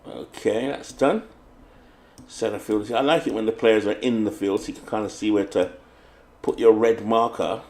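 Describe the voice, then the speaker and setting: A man's voice: lowish voice, moderate pace, darkish tone. A man with a British accent hosting a tabletop baseball game, chatting casually while setting up and reading out the lineups like a play-by-play announcer.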